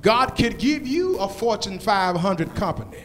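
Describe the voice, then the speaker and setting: A man preaching a sermon in a church, with call-and-response lines that build to shouted climaxes. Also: high voice, animated, normal speed. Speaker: pastor. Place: church sanctuary. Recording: long church reverb.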